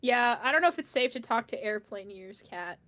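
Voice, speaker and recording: A woman chiming in on a friend's game session with short, chatty remarks. Her voice is high and animated, bouncing up and down as she speaks. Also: brisk. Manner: brief chatty interjections. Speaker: sibling watching the playthrough. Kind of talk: casual chat.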